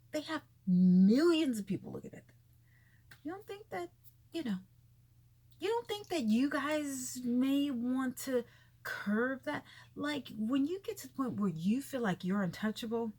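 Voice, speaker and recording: A woman's voice: high voice, lively intonation, measured pace, mellow, husky. A woman vlogging her blunt, exasperated commentary on celebrity gossip, repeating herself as she talks.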